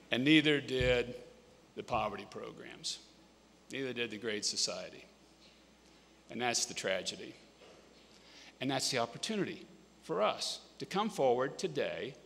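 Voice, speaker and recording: A man's voice: medium pitch, sharp tone. A middle-aged man from Kansas, a state governor giving an earnest conference speech in a folksy storytelling manner. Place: large conference hall. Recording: echoey conference hall.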